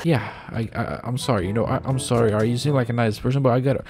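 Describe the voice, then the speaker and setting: A man giving excitable, stumbling gameplay commentary as a gaming video host, swearing often and repeating his words. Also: medium pitch, fast. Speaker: gaming YouTuber.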